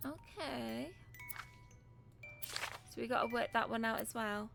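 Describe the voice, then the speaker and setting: A woman's voice: fairly high pitch, measured pace, vocal fry, long pauses, fairly bright tone, soft background music. A woman hosting a gaming channel, chatting as she plays a story game and reacting aloud. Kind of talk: let's-play commentary, reading in-game letters aloud.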